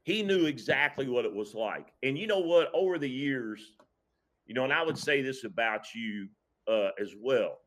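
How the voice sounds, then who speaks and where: Man, high school coach, casual podcast chat, earnest, reflective, halting restarts, mid-pitched voice. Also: lively intonation, a bit bright. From Kentucky.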